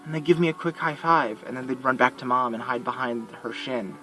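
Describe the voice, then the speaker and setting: A man's voice: medium pitch, level tone, a little fast, sharp tone, faint music behind. A man talking earnestly in a heartfelt personal vlog, rambling, with frequent restarts. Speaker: vlogger.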